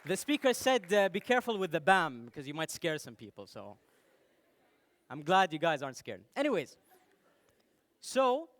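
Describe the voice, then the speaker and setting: A young man from the United Arab Emirates gives a talk on stage before an audience. His voice sits high and swings widely in pitch as he jokes and calls out to listeners. The delivery is animated and playful throughout. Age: young adult. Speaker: speaker.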